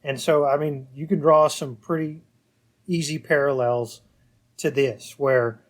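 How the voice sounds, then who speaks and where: Young man, podcast co-host, slightly high voice, repeats words, gets animated. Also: a little slow. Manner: repeats words, animated when retelling reactions. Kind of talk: casual podcast review chat.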